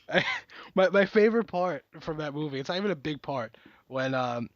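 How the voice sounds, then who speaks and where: A man in his twenties hosting a casual comedy podcast chat, animated and acting out movie lines as he tells them. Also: fairly high pitch, moderate pace, dry recording, lo-fi sound. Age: 20s. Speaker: podcast host.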